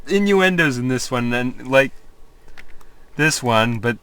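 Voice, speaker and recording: A young man reading AI-generated stories aloud for comedy, pausing to react in disbelief and laughing. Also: mid-range voice, lively intonation, a bit bright, clean tone. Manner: reads slowly, breaks into laughter and incredulous outbursts.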